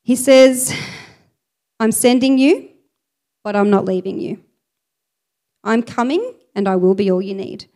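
A woman's voice: a little high, measured pace, pauses often. Aussie woman preaching, reads bible bits out with lots of emphasis. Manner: expressive, reads scripture aloud with emphasis. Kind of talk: sermon.

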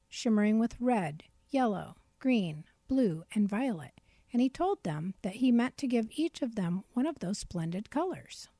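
A woman reads a children's storybook aloud in a gentle, clear way. Her voice sits a little high, with a warm, mellow tone. The recording is close and dry. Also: dry recording.

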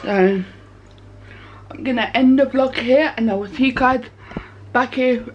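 Slow, rambling woman vlogging. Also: high-pitched, faint music behind. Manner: rambling, loose and chatty. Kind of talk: casual vlog chat. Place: bedroom at home. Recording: dull lo-fi home recording.

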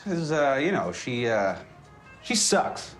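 A man's voice: medium pitch, very animated, slow, fairly bright tone, soft background music. An actor playing a blunt young man with crude, offhand opinions on dating, in a film comedy scene. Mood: dismissive.

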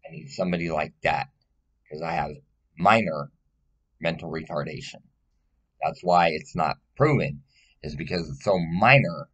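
A man's voice: sits low, sing-song, normal speed, creaky, long pauses, fairly bright tone, slightly rough. A man speaking in a casual personal monologue, rambling and blunt, swearing often and pleading emotionally.

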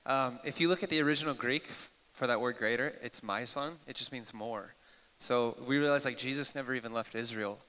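Host, male, keen and excitable, crisp bright tone, live in a reverberant church hall. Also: mid-range voice, fairly quick. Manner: eager, excitable, apologetic asides. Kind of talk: live Q&A sharing. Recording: echoey hall.

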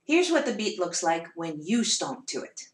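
A woman's voice: fairly low pitch, sing-song, normal speed, reverberant. A woman teaching a music lesson for children, encouraging and chanting the song rhythmically.

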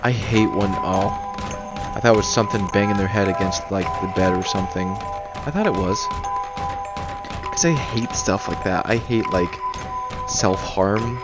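A man's voice: fairly low pitch, unhurried, pauses often, over loud music. A man streaming a horror game, nervously commenting and talking to his chat.

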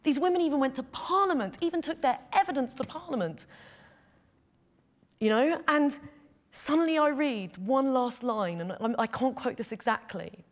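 Earnest woman with a higher voice. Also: animated, normal speed. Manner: earnest, heartfelt, emotional. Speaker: photojournalist guest. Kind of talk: personal storytelling in interview.

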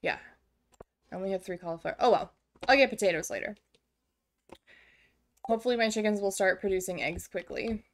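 A woman's voice: medium pitch, brisk, long pauses. A young woman streaming a farming game, chatting casually and getting distracted. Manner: chatty, easily distracted, self-mocking. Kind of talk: casual gameplay commentary. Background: faint game music.

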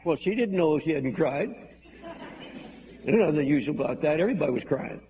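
Preaching live in a big church hall, a man with a high-leaning, dark-toned voice delivers an earnest, pleading sermon fairly quickly and expressively, hammering points through repetition. The hall is reverberant, faint music plays, and there's a little hiss or hum.

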